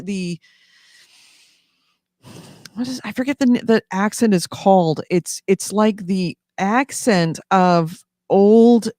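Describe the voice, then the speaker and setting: A man's voice: high voice, a little mellow, no room sound, clean studio sound. A man from California co-hosting a casual gaming news podcast, rambling with many fillers and restarts. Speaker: podcast co-host.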